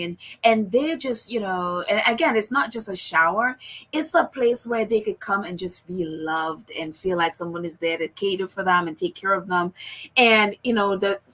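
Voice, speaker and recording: A woman speaks in an earnest, loose chat, with a clear, bright edge to her voice. She rambles, restarts and leans on filler words as she goes, at a middling pitch. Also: poor audio. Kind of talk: casual chat.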